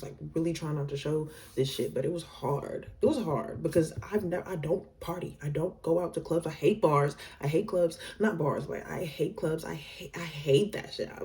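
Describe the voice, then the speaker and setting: Young woman, storytime vlogger; lowish, mellow voice, slangy and animated, set a little back from the mic. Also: recorded from a distance. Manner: slangy and animated, full of fillers. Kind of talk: casual storytime.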